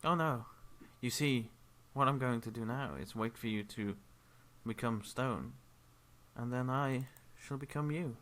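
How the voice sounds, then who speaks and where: A man's voice: medium pitch, unhurried, fairly bright tone, close to an everyday voice. A man voicing a sinister old hermit sorcerer who speaks in a smug, menacing way. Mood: gloating.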